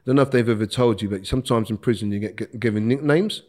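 A middle-aged man, telling stories as a podcast guest in a casual, animated way, acting out quotes and laughing as he talks. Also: medium pitch, fast. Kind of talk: casual storytelling.

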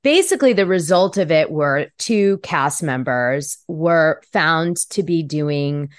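Woman podcast host, casual and chatty, lowish pitch, dry close sound. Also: lively intonation, takes it slowly, dry recording. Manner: chatty, laughs often.

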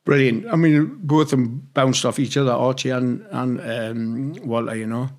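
A Geordie ex-footballer from Newcastle, England, talks at normal speed in a steady, darkish mid-range voice. Relaxed in interview, he tells meandering, profanity-laced anecdotes with blunt candour.

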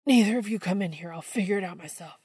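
A woman's voice: medium pitch, moderate pace, breathy edge, dry recording, studio quality. A woman voicing a flustered young man in trouble in a fan fiction reading, whining and breathless. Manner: whiny, breathless, raised.

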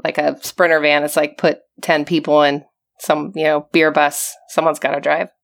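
A woman guest on a casual beer podcast, chatty and quick to laugh. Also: low-pitched, little pitch movement, creaky. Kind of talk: casual chat.

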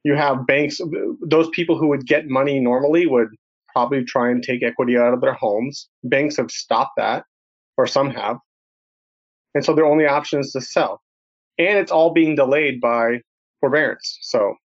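A man on a casual panel, deliberately arguing his point. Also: medium pitch, dull audio.

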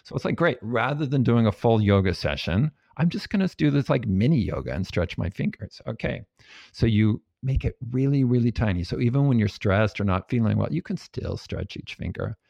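Man, interview guest, patient explainer, fry in the voice, dry muffled audio. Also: mid-range voice, a little fast, no room sound. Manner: calm, patient, explains with everyday examples. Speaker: guest, habits researcher. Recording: dull, dry, lo-fi sound.

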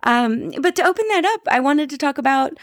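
A woman's voice: sits high, expressive, a little fast, no echo, clean studio sound. A woman hosting a casual podcast chat, laughing often as she reads out headlines. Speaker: podcast host.

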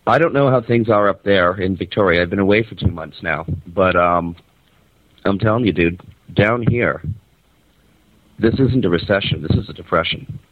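A man's voice: sits low, normal speed, no echo. Rambling man on a tinny phone line. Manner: rambling, animated storyteller who swears casually. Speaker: radio show host reporting from a conference. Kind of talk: casual phoned-in radio chat. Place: hotel conference center.

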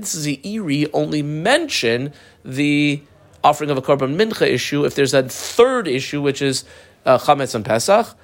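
A man's voice: fairly high pitch, expressive, normal speed. A man teaching a Talmud class, reading the Aramaic aloud and explaining it step by step, with a yeshiva-style pronunciation of Hebrew words. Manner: explains term by term, reads Aramaic then translates; uses Yiddish-influenced yeshiva pronunciation of Hebrew.

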